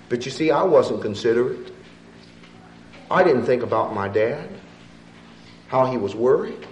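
A man preaching a sermon, swinging from loud, emphatic rises to quiet, low asides. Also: expressive, measured pace, long pauses, a little hiss or hum. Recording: echoey room with faint ambience.

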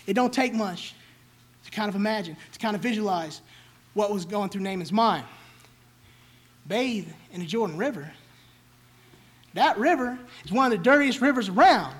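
Very high-voiced emphatic male preacher. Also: animated, normal speed, pauses often. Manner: emphatic, repetitive rhetorical preaching. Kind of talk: sermon.

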